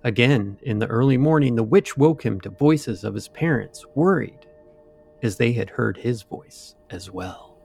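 A man's voice: medium pitch, lively intonation, unhurried, vocal fry, darkish tone, husky, faint music behind. A man co-hosting a podcast, retelling a ghost story in a loose, rambling way with asides and fillers. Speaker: podcast co-host.

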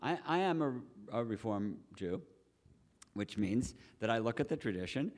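A man who is a Reform Jew explaining his tradition to a church group in a measured, teacherly way, with pauses and restarts. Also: medium pitch, animated, darkish tone. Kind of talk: explanatory talk with questions. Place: church hall.

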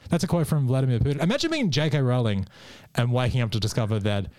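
An Australian man hosting a podcast, chatting casually and comedically, animated and quick to laugh. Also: medium pitch, no echo. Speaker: podcast host.

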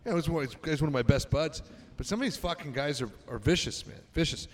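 A man's voice: fairly high pitch, quick pace, long reverb tail. A man co-hosting a podcast, telling a profane nightlife story in casual chat with frequent laughs. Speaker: podcast co-host.

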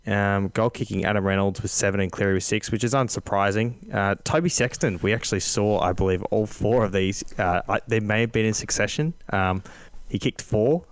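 A man's voice: on the low side, fairly quick, clean tone, no room sound. A man co-hosting a podcast, casually running through sports stats with a few fillers. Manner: relaxed, lists numbers with fillers. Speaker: co-host.

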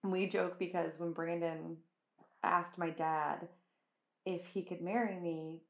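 A woman hosting a casual chat, talking freely with lots of "like"s and quick laughs. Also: lowish voice, level tone, roomy sound. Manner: chatty, full of "like" and quick laughs.

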